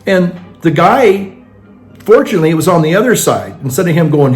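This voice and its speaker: A man's voice: high voice, lively intonation, fairly quick, soft background music. A man talking casually in a monologue, rambling with frequent restarts and acting out the people he quotes. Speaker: vlogger.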